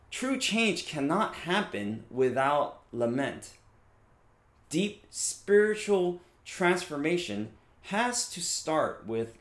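A man's voice: on the low side, reverberant. Casual conversational preacher, man. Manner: conversational, frequent "right?" and fillers. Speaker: pastor. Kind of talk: sermon.

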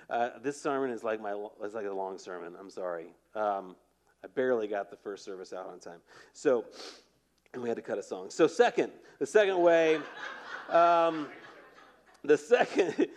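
A man preaching a conversational sermon as pastor, animated and often checking in with his listeners. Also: lowish voice. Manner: animated, repeatedly asking "right?".

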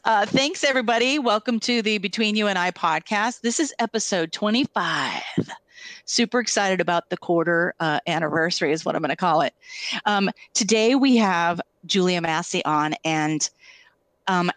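A woman's voice: medium pitch, normal speed, no echo. Gushing woman podcast host, dry sound. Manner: gushing and enthusiastic, rambling with restarts. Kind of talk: casual podcast chat.

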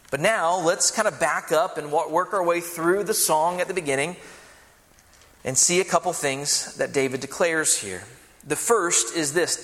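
A man's voice: sits high, fairly bright tone. A man preaching a sermon in church, earnest, with fillers and restarts as he explains the text. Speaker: pastor. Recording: long hall reverb.

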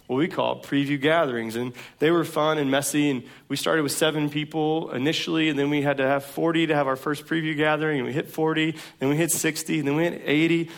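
A man's voice: fairly high pitch, gravelly. A man preaching a sermon as pastor, in a casual, conversational way from a church stage.

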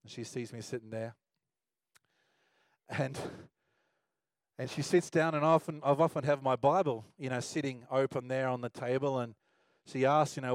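A man preaching a sermon, telling a personal story in a relaxed, conversational way. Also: mid-range voice, normal speed, no echo. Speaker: pastor.

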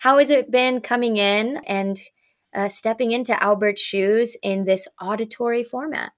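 A woman hosting a podcast she created, chatting in a casual, upbeat way with quick asides. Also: a little high. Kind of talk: casual interview chat.

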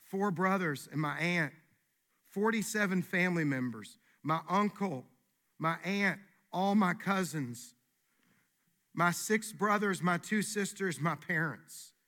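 A man's voice: high-pitched, takes it slowly, bright, forceful tone. A man preaching a sermon as pastor, emphatic and folksy, repeating his key phrases.

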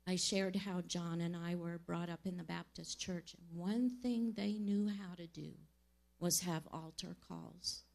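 Woman sharing a word in church, low gravelly voice, real slow and earnest. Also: fairly even intonation, darkish tone. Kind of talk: spoken prophetic exhortation. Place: church service.

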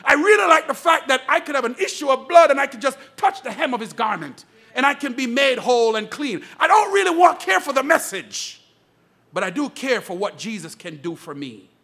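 A man's voice: very high-pitched, very animated, a little fast, gravelly, sharp tone. A male pastor preaching a fervent sermon from the pulpit, calling out to his congregation. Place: church pulpit.

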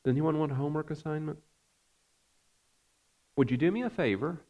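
A man preaching a sermon as pastor, earnest and measured, with frequent fillers. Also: on the high side, dark tone, muffled recording.

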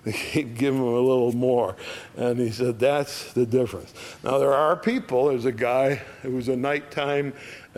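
A man's voice: medium pitch, darkish tone. A man teaching an adult Bible study in a folksy, conversational way, often checking in with the class.

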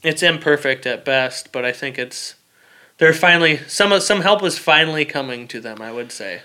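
A man speaks as a veteran guest in a relaxed interview, his voice bright, smooth and slightly high. He talks plainly, pausing on fillers and repeating words as he works through his thoughts. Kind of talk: casual interview conversation.

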